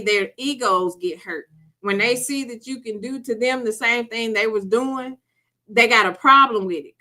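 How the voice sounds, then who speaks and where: A middle-aged woman hosting a casual podcast, spinning a story with lots of energy and frequent laughter. Her voice sits a little high and sounds bright and forceful. She talks straight to her listeners like a close friend. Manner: animated, chatty, laughs often, addresses listener as girl. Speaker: podcast host.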